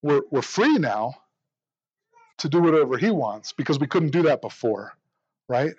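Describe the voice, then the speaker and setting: A male pastor with a high-pitched voice preaches with earnest conviction. He often repeats the first word of a phrase before he gets going. The recording is dry and a little muffled. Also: expressive, moderate pace, slightly rough, no room sound. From United States. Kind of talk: sermon.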